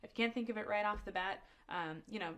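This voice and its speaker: A woman's voice: mid-range voice, fast, a bit bright, slight background noise. A woman co-hosting a podcast in casual chat, upbeat and laughing often. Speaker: podcast co-host.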